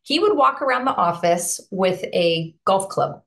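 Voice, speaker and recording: A woman guest on a podcast, telling a workplace story in a lively, chatty way, full of "like" and "you know", and jumping up in pitch when she acts out voices. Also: measured pace, slight background noise. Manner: animated, acts out quoted voices with big pitch swings; frequent "like" and "you know", addresses listeners as friends. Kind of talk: conversational storytelling.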